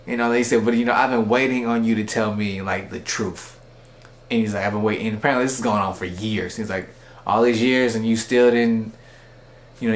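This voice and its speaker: Recapping an anime episode in a loose, rambling review, a man keeps dropping "like" and "you know" throughout. His voice is mid-range, with slight background noise and echo from the room.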